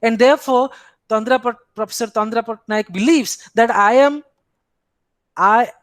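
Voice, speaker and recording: A man's voice: extremely high pitch, measured pace, fairly bright tone, dry recording. A man with an Indian English accent giving an academic philosophy lecture, posing rhetorical questions and speaking in the first person for the tradition he explains.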